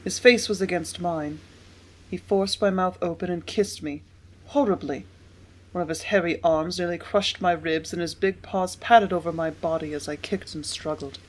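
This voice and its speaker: A woman narrating an audiobook in a measured, steady reading voice. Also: lowish voice. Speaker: audiobook reader.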